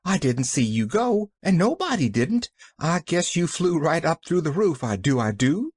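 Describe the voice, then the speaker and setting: Reader doing a fretful country maid, raised pitch, lively dialect. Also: normal speed, husky, no echo, clean studio sound. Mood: flustered. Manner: folksy rural dialect, exclaiming. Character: flustered, kindly young servant woman.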